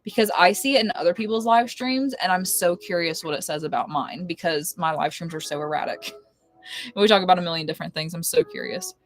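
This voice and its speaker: A woman's voice: on the low side, brisk, rough recording. A young woman chatting casually on a home live stream, rambling between topics and cooing baby talk to her cat. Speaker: livestreamer. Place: home, indoors.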